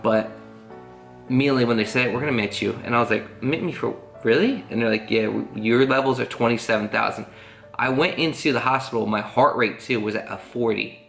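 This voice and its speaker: Casual vlogger man, bright forceful voice, rambling earnest telling, roomy echo, faint guitar behind. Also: mid-range voice, steady tone, fairly quick, vocal fry. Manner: rambling, earnest, full of "like" fillers. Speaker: family vlogger. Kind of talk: casual storytelling to camera.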